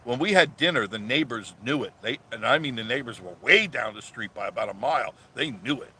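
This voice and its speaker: Male live-stream host in a parked car, mid-range voice, loud and mocking, light background hum. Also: medium pitch, lively intonation, a little fast. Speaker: live-stream host reading viewer comments. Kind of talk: casual live-stream chat.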